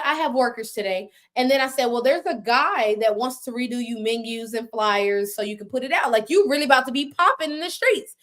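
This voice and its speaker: A high-pitched woman telling a long story as a guest on a live video call. She talks casually and animatedly, with plenty of slang and the odd curse, and acts out what others said. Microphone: phone on a live video call.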